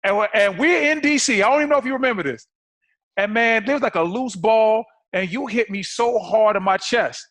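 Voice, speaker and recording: A man co-hosting a podcast, chatting in a lively, slangy way and acting out old exchanges. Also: high-pitched, brisk. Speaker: podcast co-host. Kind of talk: casual interview chat.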